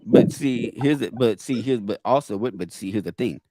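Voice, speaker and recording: Low-voiced man hosting a podcast. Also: normal speed, crowd noise, low-quality recording. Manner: restarts and repeats himself while building a point. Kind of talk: casual podcast chat.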